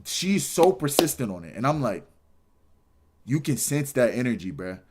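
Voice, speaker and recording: A young man ranting on his livestream, exasperated and animated, repeating himself and shouting in disbelief. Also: mid-range voice, normal speed, noisy background. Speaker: streamer. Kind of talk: casual livestream rant.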